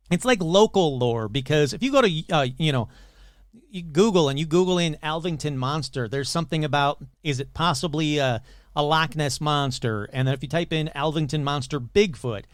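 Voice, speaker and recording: A man hosting a podcast, casually retelling a conversation in an animated way, quoting the people he met and using many fillers. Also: medium pitch, no room sound, studio quality. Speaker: podcast host. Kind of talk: casual storytelling.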